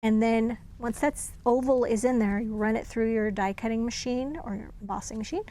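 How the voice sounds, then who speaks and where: Woman, crafting tutorial host, slightly high voice, chatty and thinking aloud while she works. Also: steady tone, moderate pace, warm tone. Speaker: craft demonstrator.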